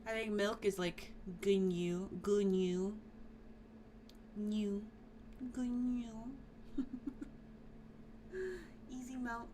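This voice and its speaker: A woman's voice: medium pitch, slight background noise. A woman streamer reading a visual novel aloud while playing, playful and laughing often.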